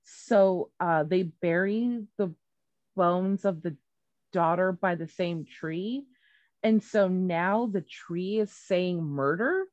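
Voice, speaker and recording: A woman's voice: lowish voice, slow pace, a little mellow, dry recording, muffled recording. A woman retelling a story in casual chat, rambling and swearing freely, with many fillers and restarts.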